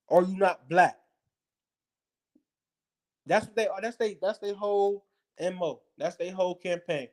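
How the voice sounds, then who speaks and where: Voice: medium pitch, a little mellow. A speaker delivering a blunt, profane, heated political rant straight to viewers, hammering the same points over and over. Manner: blunt, profane, combative, repetitive. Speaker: political commentator. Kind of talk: heated ranting monologue.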